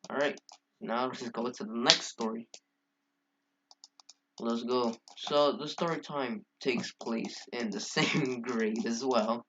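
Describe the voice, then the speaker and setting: A man's voice: medium pitch, fairly even intonation, slow pace. Brief: male vlogger, casual profane story time, rambling with constant fillers, dull lo-fi mic with faint hiss.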